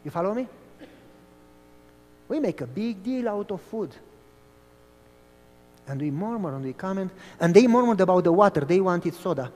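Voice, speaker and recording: A man from Romania preaching a sermon as a pastor, telling stories in an animated way. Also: high voice, normal speed. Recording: long hall reverb.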